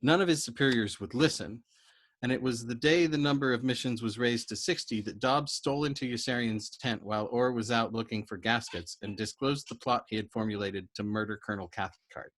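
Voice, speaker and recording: A man reads a novel aloud in narration. His delivery is steady and low-key, at an everyday middling pitch. He keeps it plain between the voiced lines. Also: brisk. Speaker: storyteller.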